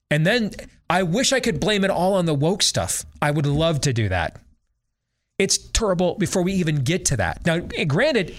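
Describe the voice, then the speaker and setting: A man's voice: fairly high pitch, fairly bright tone. A middle-aged man hosting a talk show, ranting sarcastically in a casual monologue and mimicking voices. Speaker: radio talk show host.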